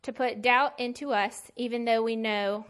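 A woman's voice: a little high, steady tone, normal speed. A woman teaching a Bible lesson in a casual sermon style, conversational and emphatic with plain slangy asides.

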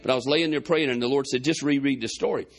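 A man's voice: medium pitch, fast talker. A man preaching a sermon, retelling a Bible story in a folksy way with quoted dialogue, his chest congested.

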